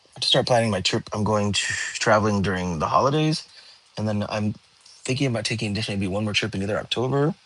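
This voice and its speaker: A tired young man, hosting a relaxed livestream and chatting with viewers from home. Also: on the low side, fast. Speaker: livestream host. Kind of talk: casual livestream chat. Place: home, lying down.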